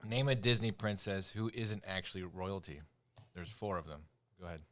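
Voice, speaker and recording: Co-hosting a casual podcast, a man with a deep, fairly bright voice runs a trivia quiz at a normal speed. He teases the others and laughs often.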